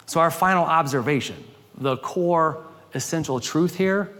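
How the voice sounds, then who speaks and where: A man preaching a sermon as a pastor, rising for emphasis and dropping low and quiet for quoted lines. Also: unhurried, long reverb tail.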